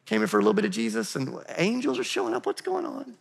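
A man voicing a puzzled, skeptical churchgoer in a quick, hushed, incredulous aside. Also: sits high, sing-song, creaky, voice pushed up, full character voice. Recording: long reverb of a church hall.

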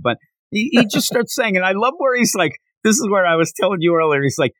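A man's voice: high voice, fast talker, dry recording. A man co-hosting a podcast, chatting casually about a manga chapter, laughing often and acting out the characters' lines. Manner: animated, laughs often, acts out quoted lines. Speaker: podcast co-host.

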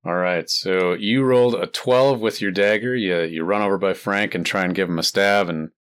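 A man narrating a tabletop role-playing game as dungeon master, explaining rules in a relaxed way with many fillers. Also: low voice, moderate pace, clean tone.

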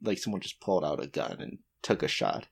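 A man acting as game master for a tabletop role-playing game. He describes the scene and works through the rules in a measured, explanatory way. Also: low-pitched, expressive, vocal fry, slightly rough.

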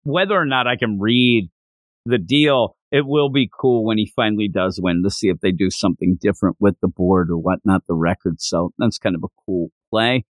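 A man's voice: fairly low pitch, normal speed, no echo. A man co-hosting a casual chat, recapping a show and acting out the characters' lines in raised voices. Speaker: podcast co-host.

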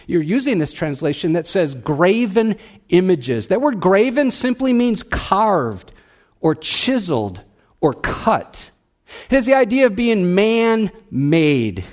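A male pastor preaching a sermon, emphatic, with big swings between loud raised lines and low quiet ones. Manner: emphatic preaching with wide swings of pitch and loudness.

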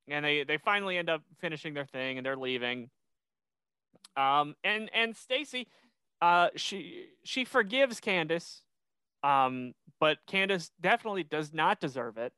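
A young man hosting a podcast, recapping an episode in casual chat with lots of restarts and an animated delivery. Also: a little high, moderate pace, clean tone, no echo. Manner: rambling, many restarts, animated. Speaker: podcast host.

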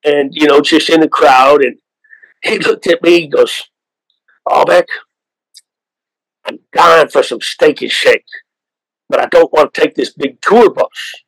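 A man's voice: fairly high pitch, a little slow, pauses often, a bit bright, no room sound, rough recording. A man from Oklahoma, a waterfowl outfitter and guest, telling stories in an easygoing way and laughing often. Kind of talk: casual interview chat.

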